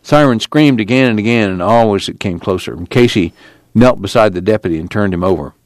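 A man reading a novel aloud in a steady, measured storytelling voice. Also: on the low side, dry recording. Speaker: narrator. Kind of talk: audiobook narration.

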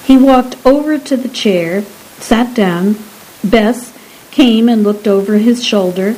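Slow-paced woman narrating a story. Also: a little high, mellow, rough recording. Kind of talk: audiobook narration.

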